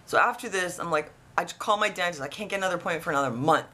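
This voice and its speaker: A woman casually telling a personal story, rambling and animated with lots of restarts. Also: on the low side, rapid-fire. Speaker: vlogger.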